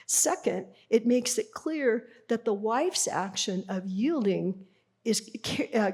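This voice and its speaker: A woman's voice: mid-range voice, a little mellow. A middle-aged woman giving a live lecture to an audience, explaining a Bible translation in a conversational, teacherly way and putting rhetorical questions to the listeners. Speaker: speaker presenting a Bible translation.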